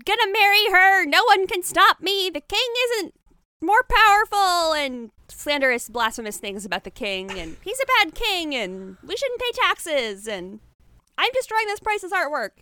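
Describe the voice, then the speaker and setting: A woman voicing a rowdy female troublemaker, shouting and ranting to cause a distraction. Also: very high-pitched, lively intonation, normal speed, dry recording, pitched above the performer's own voice, exaggerated voice.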